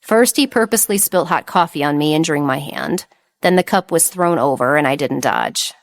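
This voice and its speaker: A woman reading the part of a calm, devoted young man who speaks in a subdued way. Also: sits low, normal speed, dry recording, clean studio sound, voice pushed down. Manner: quiet, subdued.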